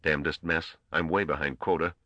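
A man voicing a gruff, blunt, seasoned male space trader. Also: rumbling low, steady tone, a little fast, bright, forceful tone, dry recording, lo-fi sound, heavily acted.

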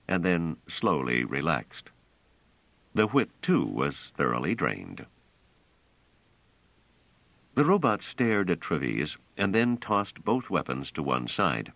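A man narrating a science fiction audiobook in an expressive storytelling manner. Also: deep voice, creaky, dry recording. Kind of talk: scripted narration. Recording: dull, dry audio.

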